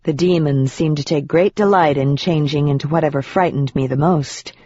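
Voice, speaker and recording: An audiobook narrator reading a fantasy novel in the first person, in an even, measured way with tense emphasis at moments of fear. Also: medium pitch, no echo. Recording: dull, dry audiobook recording.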